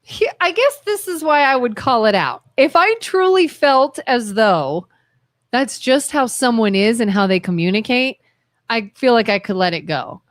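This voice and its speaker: A woman co-hosting a radio talk show, chatting casually and quickly, acting out her side of arguments and laughing often. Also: a little high, expressive, dry recording, clean studio sound. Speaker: co-host. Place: radio studio. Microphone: studio microphone.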